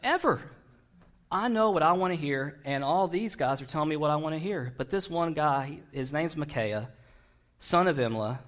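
A man's voice: on the high side, animated, moderate pace, a bit bright, voice pushed up. A man voicing a frustrated ancient king who complains in an exasperated, petulant way.

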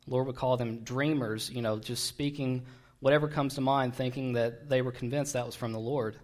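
A man's voice: medium pitch, steady tone, moderate pace, darkish tone. A man preaching a sermon, retelling a Bible story in a conversational, digressive way with wry asides.

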